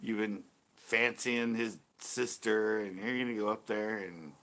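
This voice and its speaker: Low-voiced man rambling on a live stream. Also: fairly even intonation, unhurried, fairly bright tone. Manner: rambling, joking, slips into put-on accents. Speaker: fishing channel host. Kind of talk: casual live-stream chat.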